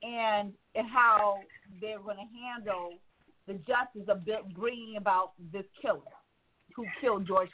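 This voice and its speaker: A woman hosting a candid talk radio discussion, blunt and animated, swearing freely. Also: mid-range voice, a little slow. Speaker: radio show host. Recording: tinny phone line with faint noise.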